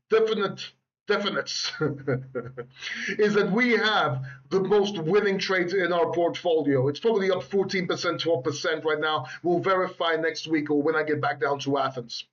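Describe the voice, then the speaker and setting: A man's voice: on the high side, a bit bright, dull audio. A man hosting a crypto channel, giving rambling, boastful market commentary with joking asides from a beach house. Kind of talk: casual market commentary over charts. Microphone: laptop microphone.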